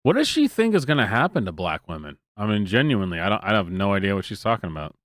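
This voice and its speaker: A man's voice: lowish voice, sing-song, quick pace, fairly bright tone, no echo, studio quality. A man hosting a stream, giving casual, joking and sarcastic reaction commentary with many restarts. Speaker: streamer host.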